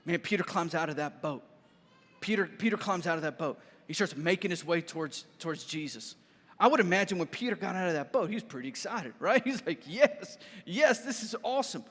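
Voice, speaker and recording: A man preaching a sermon as a pastor, telling his story with lively repeats and a habit of asking "right?". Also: on the high side, a little fast. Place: church sanctuary. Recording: reverberant church hall.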